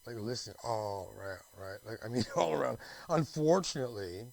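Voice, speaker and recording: This Canadian vlogger has a low-leaning, creaky voice and talks fast. His restless, rambling monologue is packed with fillers, false starts and curse words. The audio is poor.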